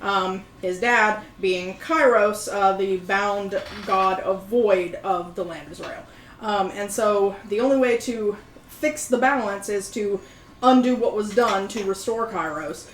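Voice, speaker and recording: A woman's voice: mid-range voice, measured pace, reverberant, slight background noise. A woman running a tabletop game as game master on a stream, bubbly and giggly, with many fillers and restarts.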